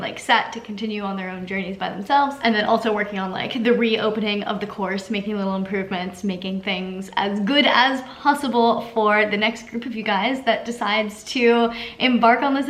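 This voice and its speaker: A woman chatting casually as a fitness vlogger, upbeat and chatty, often laughing. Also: medium pitch. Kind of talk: casual vlog chat. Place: home kitchen, then out and about. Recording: echoey room, faint background noise.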